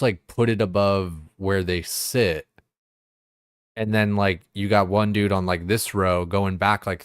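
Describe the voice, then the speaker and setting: A man's voice: deep voice, smooth, dry recording, studio quality. A young man streaming, chatting casually in a rambling, profane way, full of fillers. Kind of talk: casual chat.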